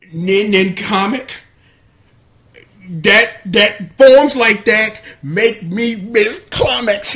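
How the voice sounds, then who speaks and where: A man hosting a solo podcast, reviewing a TV episode in slangy, animated casual commentary. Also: high voice.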